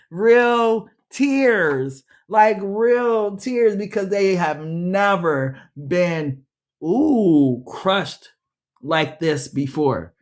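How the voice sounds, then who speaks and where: High-pitched guy doing a loose tarot reading, cussing and laughing. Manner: animated, swearing, laughing, talks back to the cards. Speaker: tarot reader. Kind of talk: casual tarot reading monologue.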